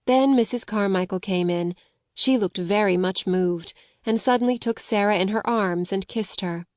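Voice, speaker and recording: A woman narrating an audiobook of a classic novel in a measured, clear storytelling manner. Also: mid-range voice, a little mellow, no echo, clean studio sound. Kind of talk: scripted narration.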